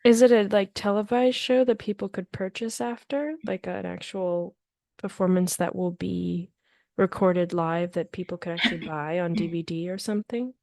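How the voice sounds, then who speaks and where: A woman's voice: lowish voice, steady tone, moderate pace, gravelly, warm tone, no room sound, clean studio sound. A woman interviewer asking long, chatty questions in an encouraging, rambling way.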